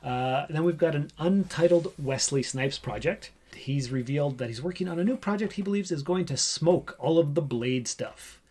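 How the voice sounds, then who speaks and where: A man's voice: on the high side, moderate pace, few pauses, a little mellow. A man hosting a casual pop-culture podcast, reading news items aloud and chatting about them. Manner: chatty, reads headlines then riffs on them. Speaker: podcast host.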